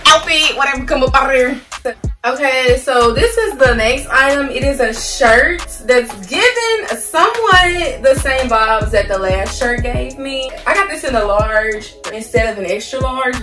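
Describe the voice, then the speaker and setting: A young woman chatting playfully about clothes she bought, using slang and addressing viewers as y'all. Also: high-pitched. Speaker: haul vlogger. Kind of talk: casual clothing haul chat. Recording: roomy sound, mic at a distance, soft music.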